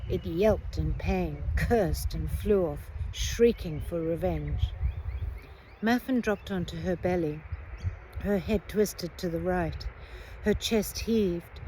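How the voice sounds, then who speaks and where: Female storybook reader, low and mellow, expressive measured read-aloud. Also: slight background noise, low-quality recording. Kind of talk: children's book read-aloud.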